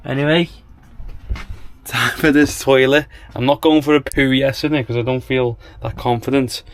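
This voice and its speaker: A man's voice: medium pitch, steady tone, moderate pace, no echo. A young man, chatting casually to camera in a campervan, rambling with lots of fillers. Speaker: travel vlogger. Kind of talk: casual vlog chat to camera. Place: inside a small campervan.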